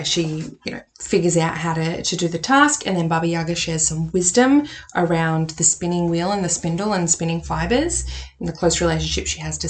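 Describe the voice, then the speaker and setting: A woman's voice: fairly low pitch, slight background noise. A woman hosting a casual book review vlog, chatty and enthusiastic. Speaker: tarot reader and YouTube host.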